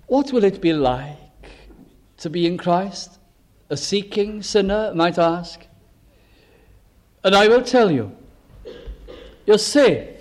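A man preaching a sermon, working deliberately through rhetorical questions and drawn-out lists of words. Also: high voice, animated, a little mellow.

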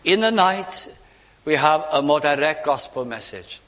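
An older man with a Welsh accent preaching a sermon with fervour, dropping from ringing declarations to hushed asides. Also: on the high side, lively intonation, measured pace. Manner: fervent, swings between loud ringing lines and hushed asides. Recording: long hall reverb.

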